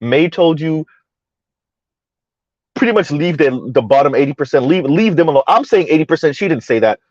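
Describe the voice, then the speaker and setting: A man's voice: expressive, normal speed, no room sound, muffled recording. Man ranting, mocking and heated. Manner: heated, mocking and emphatic, with sharp jumps up in pitch. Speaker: online commentator. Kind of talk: ranting commentary.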